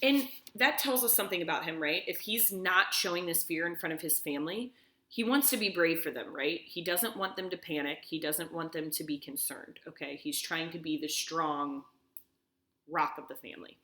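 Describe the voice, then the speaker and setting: A woman's voice: low voice, normal speed, bright, forceful tone. A woman teacher reading a story aloud and explaining it step by step, often checking in with "okay?". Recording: echoey room.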